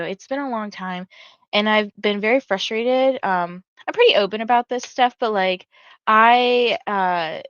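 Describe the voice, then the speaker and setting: Reading viewer comments aloud, a tired, yawning woman hosts a readathon livestream, chatting and rambling with lots of "like." Her voice is medium in pitch and a bit bright. The recording is dry, with the highs cut off.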